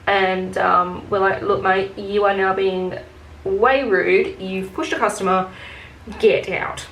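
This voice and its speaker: Doing her makeup, a beauty vlogger tells casual stories in an echoey room with a little hiss or hum. Her mid-range voice is creaky and unhurried, and she's blunt, swears freely, and turns animated when quoting herself.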